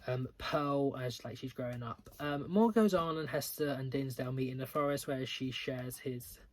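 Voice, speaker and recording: A man's voice: medium pitch, moderate pace, darkish tone, no echo. A young man reviewing books in a casual video, full of filler words and restarts, with exasperated, dramatic outbursts. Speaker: book reviewer.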